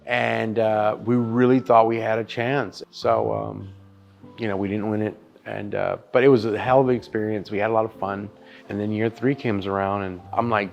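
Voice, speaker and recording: A man in his thirties, a barbecue chef, telling stories in a casual interview, animated and profane. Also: lowish voice, moderate pace, creaky, dull audio, soft background music. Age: 30s.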